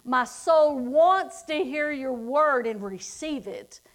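A middle-aged woman delivers a sermon in a high voice. She takes her time, drawing out the scripture lines and then pressing her points with emphatic force. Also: animated. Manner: slow, drawn-out scripture reading, rising to emphatic declarations. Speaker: preacher.

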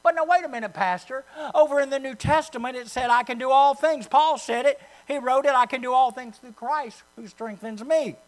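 High-voiced preaching man. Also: brisk, few pauses, poor audio. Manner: preaching with sudden swings from loud to hushed. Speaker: pastor. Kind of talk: sermon.

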